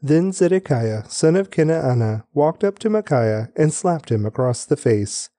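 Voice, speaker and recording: A man reading scripture aloud in a measured, even way for a daily reading. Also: a little high, no room sound. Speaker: scripture reader.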